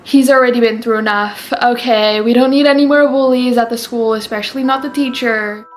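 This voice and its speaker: A young woman talking casually in a book review vlog, chatty and animated with lots of filler words. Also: on the high side, fairly quick. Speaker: reading vlogger.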